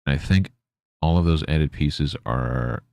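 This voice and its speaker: A man's voice: a bass voice, slow, creaky, a little mellow, no room sound. A man streaming while he works, muttering to himself and playfully scolding his pet. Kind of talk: casual live-stream chatter.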